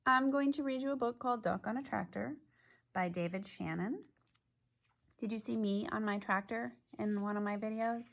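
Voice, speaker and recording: A woman teacher reading a picture book aloud to children, telling it lively and stopping for asides to her listeners. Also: a little high, a little fast, creaky, few pauses. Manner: lively storytelling with sound effects and asides.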